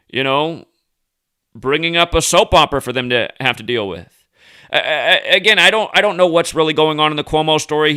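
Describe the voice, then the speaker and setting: Guy ranting on his own show, bright clear voice, swears a lot, keeps restarting. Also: medium pitch. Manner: heated, profane, many restarts. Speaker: host. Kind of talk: ranting commentary monologue.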